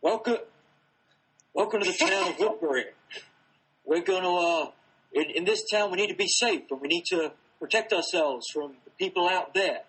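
A man doing an impression of a menacing male town leader from a zombie drama, loud and declaiming. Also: high-pitched, moderate pace, husky, rough recording. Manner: loud, declaiming welcome speech.

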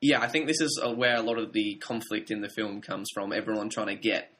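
A man co-hosting a casual film podcast, talking in a thoughtful, measured way with slight hesitations. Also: on the low side, fairly even intonation, a bit bright. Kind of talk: casual film review chat.

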